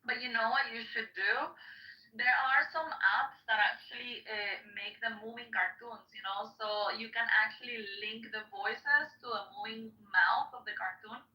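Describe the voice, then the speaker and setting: A woman's voice: on the high side, normal speed, pushed and bright, roomy sound, rough recording. A woman chatting eagerly with others in an online audio room. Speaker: participant in an audio chat room. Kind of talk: casual chat.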